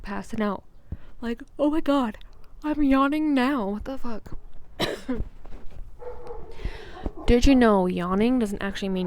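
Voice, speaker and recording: A woman's voice: medium pitch, slight background noise. A young adult woman hosting her own podcast, talking casually in a blunt, profane, rambling way. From Canada. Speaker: podcast host. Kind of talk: casual solo podcast chat.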